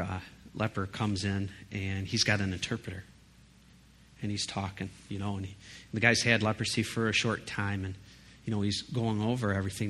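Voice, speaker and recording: A man preaching in a relaxed, conversational way, leaning on emphasis and quick asides. His voice sits fairly low. Faint background noise hums under the recording. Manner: conversational, emphatic, frequent "you know" and "right?". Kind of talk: casual sermon.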